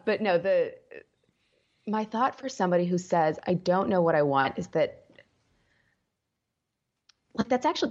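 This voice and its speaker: A woman career coach who is a guest on a podcast, talking in an animated way, laughing often and acting out what people say. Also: on the low side, lo-fi sound. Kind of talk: casual podcast interview.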